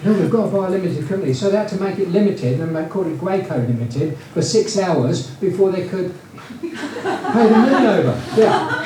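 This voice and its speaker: Older man, rambling anecdotes, slightly high voice, heavy room echo, distant mic. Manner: rambling, with frequent fillers and restarts. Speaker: retired business founder. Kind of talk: casual anecdotal storytelling. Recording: very echoey room, distant mic, faint noise.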